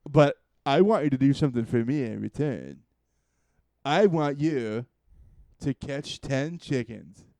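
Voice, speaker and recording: Drunk old kung fu master from a game, loud and patronizing, put on by a man mocking it. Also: mid-range voice, a little slow, no room sound, close to an everyday voice. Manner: loud, patronizing, calls the player kid.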